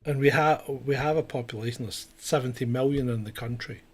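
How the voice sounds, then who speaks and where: A man's voice: mid-range voice, steady tone, fairly quick. A man co-hosting a comedic news chat, ranting and questioning. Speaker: co-host.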